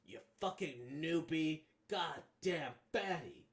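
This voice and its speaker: Performer voicing a brash teen girl bully, Brooklyn accent, loud, insulting, lively swings. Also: mid-range voice, slow. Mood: angry. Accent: put-on Brooklyn. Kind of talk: manga dub reading.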